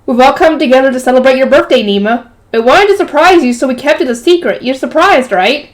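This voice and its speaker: A woman reading the lines of a loving noble mother, slightly lower than her narration. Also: expressive, a little fast. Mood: gentle.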